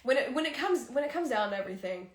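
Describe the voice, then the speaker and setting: A woman's voice: high voice, lively intonation, rapid-fire. A woman hosting a casual livestream chat with fans, emotional and tearful, sighing often and speaking candidly into a phone. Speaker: livestream host talking to fans. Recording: roomy echo.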